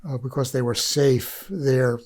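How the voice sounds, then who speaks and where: A man's voice: medium pitch, flat delivery, a little slow, a little mellow. A man who is a guest on a podcast, telling a story in a rambling, heartfelt way, full of fillers and restarts. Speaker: podcast guest, documentary filmmaker. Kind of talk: casual storytelling.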